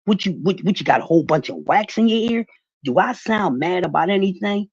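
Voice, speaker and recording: Man with a husky, lively voice. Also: high-pitched, fairly quick, no room sound, muffled recording. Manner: profane, animated, talking back to chat. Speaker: livestream host. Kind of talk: casual livestream boxing rant.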